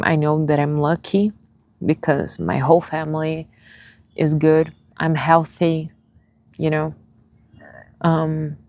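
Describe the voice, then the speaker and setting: Young woman vlogger, English, low fry-edged voice, very slow and halting. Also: dry recording. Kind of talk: personal confessional vlog.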